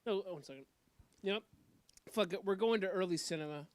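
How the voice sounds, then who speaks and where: A man's voice: sits high, brisk, no room sound. A young man co-hosting a casual podcast chat, talking emphatically, swearing casually and cutting in to make his point. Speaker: podcast co-host.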